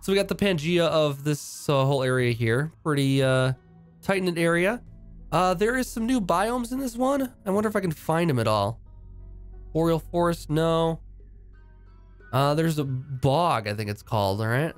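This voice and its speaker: A man's voice: fairly high pitch, lively intonation, moderate pace, soft background music. A man giving casual, upbeat commentary while playing a video game, thinking aloud with frequent fillers and restarts. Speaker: game streamer.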